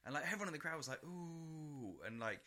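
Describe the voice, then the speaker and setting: A young man co-hosting a podcast talks very fast in a high, sing-song, sharp-toned voice. His casual chat rambles and swears, packed with "like," and he acts out what people said.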